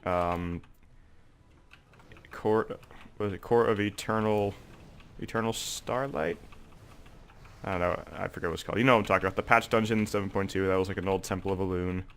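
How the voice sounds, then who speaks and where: Young man, congested and low-voiced, casual rambling game commentary, faint game noise underneath. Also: fairly even intonation, brisk, long pauses, fairly bright tone. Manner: rambling, heavy on fillers like "like" and "um". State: congested, sore throat. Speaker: gaming video creator.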